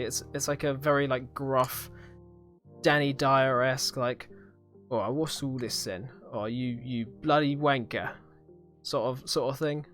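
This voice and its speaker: A man's voice: mid-range voice, fairly bright tone. A young British man hosting a live-streamed podcast, chatting casually and rambling through a review with lots of fillers and hesitations. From Britain. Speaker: podcast host reviewing a series.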